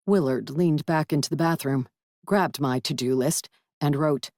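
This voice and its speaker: A woman reads a first-person audiobook with a wry, lively storytelling manner. Her voice sits low, and the recording is close and dry with no room around it. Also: a little slow, no room sound. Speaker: audiobook narrator.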